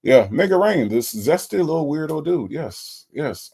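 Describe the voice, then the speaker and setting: A man's voice: on the high side, sing-song, a little slow, creaky, few pauses, warm tone, breathy edge. A man hosting a show, casually reading viewer comments and reacting with laid-back exasperation. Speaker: host reviewing a recorded call.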